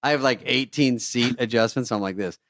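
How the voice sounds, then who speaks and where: A man in his sixties co-hosting a podcast with wry, deadpan asides while reading out news items. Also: mid-range voice, fairly quick, no echo, studio quality. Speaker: podcast co-host and comedian. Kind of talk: casual comedic chat.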